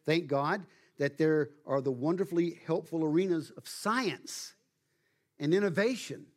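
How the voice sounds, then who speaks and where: Emphatic male pastor preaching. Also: a little high. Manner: emphatic, slows down to stress words. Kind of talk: sermon.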